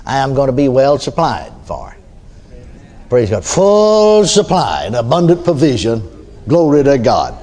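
A man's voice: mid-range voice, wildly swooping pitch, unhurried, mellow. An older man preaching a sermon in a folksy storytelling way, often adding amens and hallelujahs.

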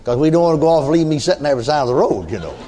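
Folksy guy preaching, kinda high voice that bounces all over, chuckles, lots of "you see". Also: big pitch swings, very fast, noisy background. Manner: folksy, chatty, chuckling asides; many restarts and filler tags like "you see". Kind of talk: storytelling sermon.

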